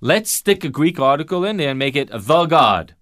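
A man's voice: on the high side, sing-song, normal speed, fairly bright tone, no echo, clean studio sound. A man teaching Bible Greek grammar in an emphatic way, asking rhetorical questions and repeating his key points.

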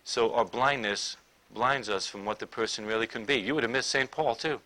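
Bright-voiced man preaching a sermon. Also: medium pitch, moderate pace. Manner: emphatic, swinging between loud declaring and quiet intimate asides.

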